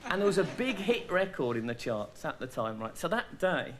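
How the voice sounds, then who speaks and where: A man with a Black Country accent, a guest comedian on a television talk show, telling deadpan anecdotes with quick punchlines. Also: a little high, a little hiss or hum. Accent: Black Country English. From West Midlands of England. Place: television studio with audience.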